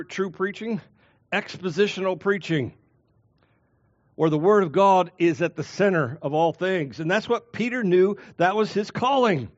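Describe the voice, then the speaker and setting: Male pastor, high voice, earnest expository preaching, dry close sound. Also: no echo, muffled recording. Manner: earnest, emphatic repetition with slow stressed phrases. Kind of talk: expository sermon.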